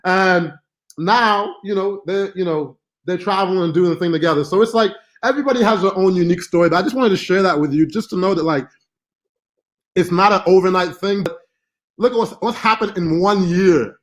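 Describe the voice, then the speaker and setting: Man, high voice, chatty, rambling, casual live-stream class host. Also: fairly quick. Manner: chatty, rambling, many fillers and asides. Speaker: online marketing course host.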